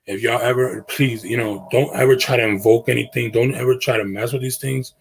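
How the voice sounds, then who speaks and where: A man's voice: mid-range voice, fairly even intonation, a little fast, creaky, slight background noise, poor audio. A man hosting a casual livestream from his bedroom, talking to viewers in slangy, earnest speech that often trails off and restarts. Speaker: livestream host.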